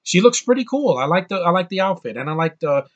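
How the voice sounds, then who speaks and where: An eager man talks through a film review off the cuff. His voice sits a little high for a man, and he trips over his own words as his enthusiasm runs ahead of him. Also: very animated, quick pace, dull audio. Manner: rambling and enthusiastic, with frequent restarts. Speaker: movie reviewer. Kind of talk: casual spoken film review.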